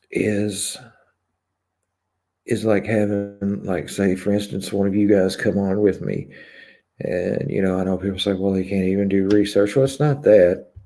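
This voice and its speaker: A man hosting his own live stream, reading out viewer comments and talking frankly in a hesitant way with many pauses. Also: fairly low pitch, dark tone, breathy edge. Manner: candid and confessional. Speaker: YouTube channel host.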